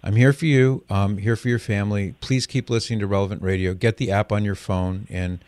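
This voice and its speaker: A man with a very low, deep voice hosts a call-in radio program. He talks through callers' questions patiently and reassuringly. The sound is dry and close, with no room echo. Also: level tone, brisk. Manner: warm, reassuring, explanatory.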